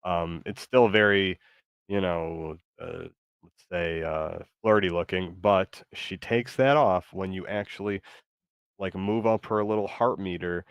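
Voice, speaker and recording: A man's voice: sits low, measured pace, smooth, no echo, muffled recording. A man hosting a live stream, chatting casually with lots of fillers. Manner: rambling, many fillers. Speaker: streamer host.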